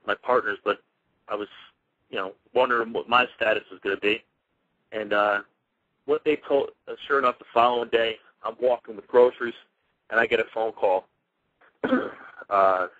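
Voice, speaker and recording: A man's voice: fairly low pitch, bright, forceful tone, no room sound. A former pro wrestler, a man, telling stories in a casual radio interview and acting out the dialogue as he goes. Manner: rambling, with many restarts and quoted dialogue. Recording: dull lo-fi radio audio.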